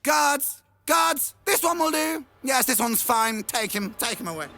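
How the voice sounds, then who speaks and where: A man's voice: extremely high pitch, animated, unhurried, dry recording, exaggerated voice. Man singing as a silky sinister doctor. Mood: silky menace. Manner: sung, silky and patronizing. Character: smooth sinister male doctor, falsely kind. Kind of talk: sung rap storytelling. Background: loud backing music.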